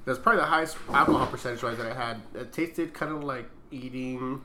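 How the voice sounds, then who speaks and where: A man's voice: mid-range voice, quick pace, pushed and bright, slight background noise. A man hosting a casual podcast over beers, swearing freely, laughing often and searching for words. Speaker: podcast host.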